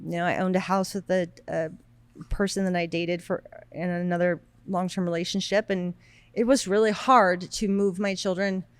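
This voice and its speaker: A woman's voice: lowish voice, level tone, moderate pace, clear, resonant tone, no room sound. A woman in her thirties co-hosting a podcast, talking in a blunt, emphatic casual way. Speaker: podcast co-host. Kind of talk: casual chat.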